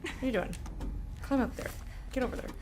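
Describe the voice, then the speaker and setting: A woman's voice: high voice, fast talker, background noise. Chatty woman streaming a game. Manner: chatty and reactive, talks to chat, laughs often. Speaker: streamer playing a video game. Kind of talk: casual live commentary.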